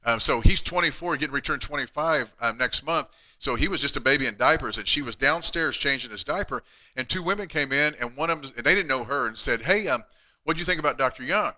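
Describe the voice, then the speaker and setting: A man's voice: mid-range voice, brisk, bright, forceful tone. A middle-aged man, a chiropractor hosting a casual live Q&A, talking bluntly and chattily. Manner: blunt, chatty, reads out viewer questions.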